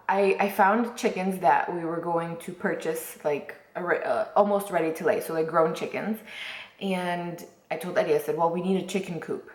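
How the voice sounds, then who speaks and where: A woman's voice: on the low side, echoey room. A woman vlogger chatting casually to camera, rambling with lots of fillers and restarts.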